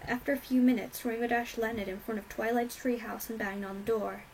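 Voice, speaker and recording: A woman reading a fan-fiction story aloud, steady and plain, with the odd slip. Her voice sits a bit high, and faint noise hums behind her. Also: fairly quick, poor audio. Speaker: reader.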